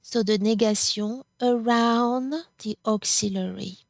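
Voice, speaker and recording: A woman teaching a grammar lesson, saying each form slowly and then repeating it. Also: fairly high pitch, steady tone, vocal fry, no room sound. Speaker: French teacher. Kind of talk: slow, careful grammar lesson.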